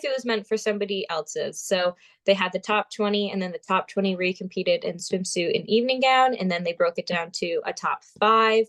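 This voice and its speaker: A woman in her twenties from Vermont, a pageant titleholder and guest who tells stories in an animated way and acts out the quotes. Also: on the low side. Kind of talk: casual interview storytelling.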